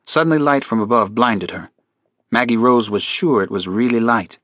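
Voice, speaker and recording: Casting: male thriller audiobook reader, mid-pitched, measured, dry booth sound. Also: a bit bright, no echo, muffled recording. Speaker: audiobook narrator. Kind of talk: scripted audiobook narration.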